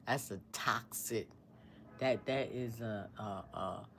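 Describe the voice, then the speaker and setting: A woman in her sixties telling a personal story on her channel, earnest and devout, rambling as she searches for words and sometimes dropping to a hushed near-whisper. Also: extremely low pitch, slow pace, a little hiss or hum. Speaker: storyteller vlogger.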